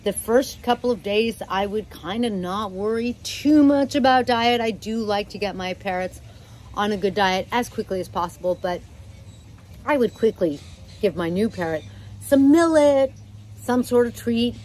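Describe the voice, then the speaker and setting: A woman hosting a parrot channel who gives casual advice at home in a gentle, relaxed, chatty way. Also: medium pitch, moderate pace, poor audio. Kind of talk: casual instructional talk.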